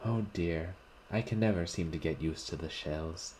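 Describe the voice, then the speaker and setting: A man's voice: sits low, normal speed, darkish tone, a little hiss or hum, lightly acted, rough recording. A man reading aloud and voicing an anxious young woman who nervously pleads during a bombardment. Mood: anxious, pleading.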